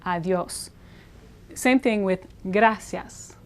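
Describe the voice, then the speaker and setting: A woman teaching a Spanish pronunciation lesson, slowly sounding out words and repeating them for practice. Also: medium pitch. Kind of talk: instructional video lesson.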